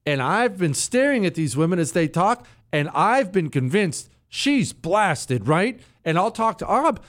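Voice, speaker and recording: A man hosting a casual opinion talk show, sarcastic and animated, riffing and mocking as he talks. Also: high voice, a little slow, hardly any pauses, dry recording, studio quality. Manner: sarcastic, animated, riffs and mocks.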